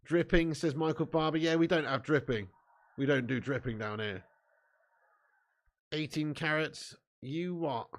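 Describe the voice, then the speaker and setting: A man's voice: fairly high pitch, unhurried, pauses often. A man hosting a football watch-along stream, reading out viewer comments in casual, jokey banter and laughing often.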